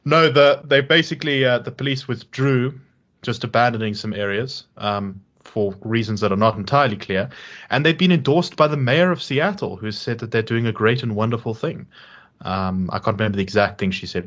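A man co-hosting a podcast, chatting casually with halting restarts and dry sarcasm. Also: lowish voice, fairly bright tone. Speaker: podcast co-host. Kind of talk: casual political chat.

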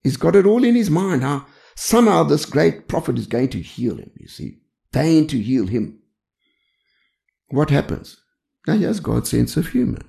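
An older male preacher tells humorous anecdotes in a conversational sermon. His voice is deep with heavy gravel and a mellow warmth. His pitch rises and falls in lively swings. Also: normal speed. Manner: frequent "you see" asides. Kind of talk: storytelling sermon.

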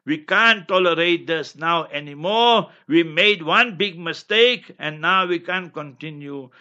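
A man answers listener questions on a radio podcast, scolding and emphatic like a preacher. His voice sits a little high and sounds bright and forceful. The recording is slightly dull and muffled. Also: unhurried.

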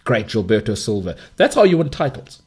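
Husky, opinionated man in his thirties. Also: lowish voice, a little fast. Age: 30s. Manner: opinionated, emphatic, lively delivery. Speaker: sports podcast host. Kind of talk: casual monologue.

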